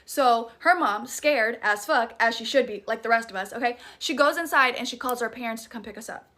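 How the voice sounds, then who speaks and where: A woman's voice: a little high, a little fast, sharp tone. A young woman with a Southern US accent, dramatically telling a scary story in a chatty, profane, casual way. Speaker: TikTok creator.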